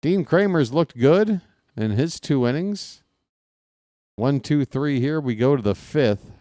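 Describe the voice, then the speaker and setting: A man's voice: medium pitch, expressive, takes it slowly, warm tone, no echo, clean studio sound. A man calling a baseball game live for his channel, mixing play-by-play with rambling jokes and chat with viewers. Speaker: play-by-play streamer. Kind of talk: casual baseball commentary with chat.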